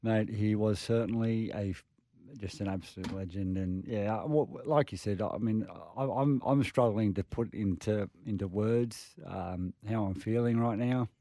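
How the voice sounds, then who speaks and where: A man, a former player co-hosting a sports radio show in a studio, who talks frankly and gets worked up fast. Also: on the low side, steady tone, warm tone, no echo. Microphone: studio microphone.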